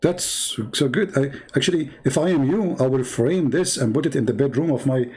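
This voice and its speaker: A man's voice: medium pitch, normal speed, a little mellow, husky. Mocking, sarcastic man hosting a debate. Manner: mocking and sarcastic, laughs at his opponent; emphatic, repeats points. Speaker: livestream host debating a caller. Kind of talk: live-streamed religious debate.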